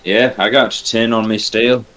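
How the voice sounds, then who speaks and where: A man playing a tabletop game, quick and playful. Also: lowish voice, level tone, a bit bright. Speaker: player.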